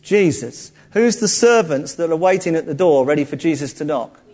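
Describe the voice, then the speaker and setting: A man preaching to a congregation in an animated, chatty way, cracking jokes as he goes. His voice sits a little high for a man. He acts out the people he quotes. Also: normal speed. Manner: lively, jokey, conversational, acts out quotes. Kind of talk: sermon.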